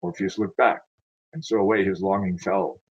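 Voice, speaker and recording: Man, lowish husky voice, declaiming his own verse, then chatting loosely between poems; dull lo-fi recording. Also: fairly even intonation, normal speed. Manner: dramatic, declaiming recitation. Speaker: poet reading his own work. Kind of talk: poetry reading with chatty asides.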